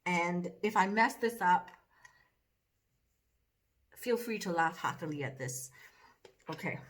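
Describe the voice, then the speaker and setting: A woman's voice: fairly low pitch, animated, takes it slowly. A woman makeup vlogger chatting casually to camera in a chatty, self-deprecating way. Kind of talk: casual vlog chat.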